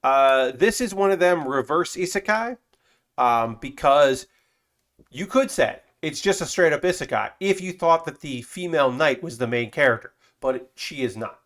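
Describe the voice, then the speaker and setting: A man's voice: a little high, lively intonation, moderate pace, fairly bright tone. A man streaming as he builds a model kit, chatting loosely with fillers and casual swearing. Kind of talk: casual live-stream chat.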